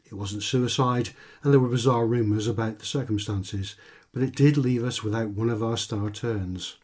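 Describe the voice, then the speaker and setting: A man's voice: lowish voice, fairly even intonation, normal speed, a little mellow. A man reading his own comic short story for radio in a dry, wry first-person narration. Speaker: author and reader.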